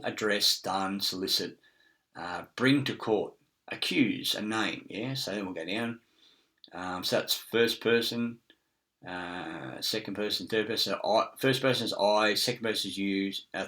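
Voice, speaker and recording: A man's voice: fairly low pitch, fairly bright tone. A middle-aged man, rambling in a casual monologue with many fillers, restarts and frequent swearing. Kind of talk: casual screen-share monologue.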